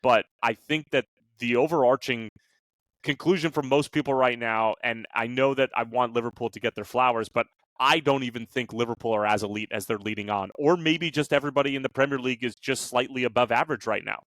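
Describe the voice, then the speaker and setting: A man's voice: medium pitch, fairly quick, fairly bright tone, dry recording. A man co-hosting a sports podcast, ranting with energy and swearing, firing off rhetorical questions in heated casual chat. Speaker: podcast co-host, Liverpool fan. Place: podcast studio.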